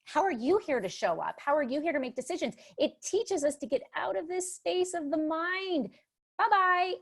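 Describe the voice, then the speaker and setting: A middle-aged woman speaking as a panelist on a motherhood livestream, talking in an expressive, emotional way with many restarts. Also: high-pitched, normal speed. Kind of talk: casual spoken talk.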